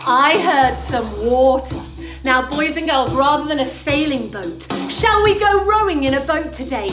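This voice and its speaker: A high-voiced woman leads a toddler drama session, swooping all over her range in a bright sing-song voice. She calls out playful sound effects to the little ones. Her voice rings in an echoey room with music playing behind her. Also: expressive, measured pace. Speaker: children's drama class leader. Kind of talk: lively lesson for toddlers.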